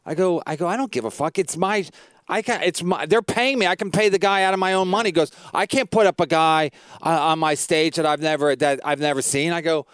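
A man's voice: on the high side, fairly quick, few pauses, fairly bright tone, clean tone, no echo. A man telling a rambling, profane story, repeating "I go" as he acts out both sides of an argument. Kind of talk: casual podcast chat.

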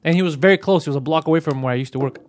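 A man's voice: fairly high pitch, very fast, darkish tone, dry recording. A young man, a comedian, telling a story in casual chat and acting out the voices, with a lot of swearing.

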